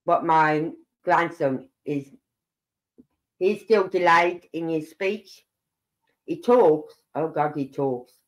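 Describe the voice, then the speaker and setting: An older livestream host from Birmingham, England, talks casually and at length, wandering between topics and speaking straight to his viewers. His voice sits at a middle pitch and moves slowly.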